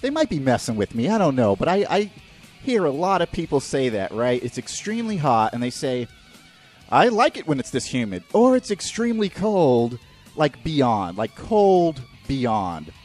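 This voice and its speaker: Ranting New male host, very expressive pitch, swears freely, mocks with silly voices, light music bed. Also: normal speed. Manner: profane, animated ranting with mocking put-on quotes. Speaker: podcast host. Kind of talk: ranting comedic monologue.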